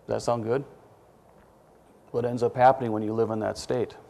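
A man's voice: mid-range voice, flat delivery, moderate pace, creaky, dark tone. A man preaching a sermon in a conversational way, quizzing his listeners with questions and dropping self-deprecating asides.

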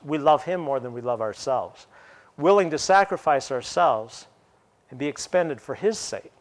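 A man pastor preaching a sermon in a conversational way, laughing now and then and slowing down to stress key words. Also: fairly high pitch.

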